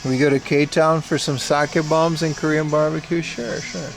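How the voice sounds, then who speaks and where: Gravelly man streaming from a game shop. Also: a little high, little pitch movement, moderate pace, faint music behind. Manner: chatty, browsing and reading chat aloud. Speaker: livestream host. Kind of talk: casual IRL livestream chat.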